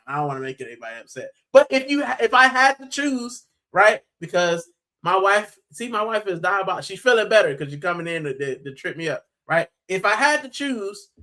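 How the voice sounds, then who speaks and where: A man's voice: sits high, pushed and bright, low-quality recording. A man from Puerto Rico hosting a football channel's live stream, chatting casually and animatedly, with plenty of "bro".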